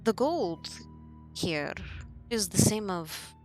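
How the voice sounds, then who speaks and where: A woman's voice: medium pitch, expressive, slow, a little mellow, faint music behind. Giggly, rambling woman player. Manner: giggly, wandering and self-interrupting. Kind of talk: casual tabletop game chat.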